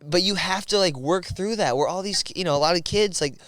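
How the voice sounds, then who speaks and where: A man guesting on a casual podcast chat, animated and jokey, with lots of filler 'like'. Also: high-pitched, brisk, dry recording. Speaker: comedian guest.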